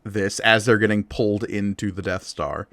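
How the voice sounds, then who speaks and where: A man's voice: fairly low pitch, fairly even intonation, normal speed, a bit bright, no echo. A man co-hosting a podcast, talking casually and thoughtfully, with lots of "like" and "uh" as he works out his points. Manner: thoughtful, hedging with "like" and "uh". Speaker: podcast co-host. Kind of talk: casual comic-book discussion.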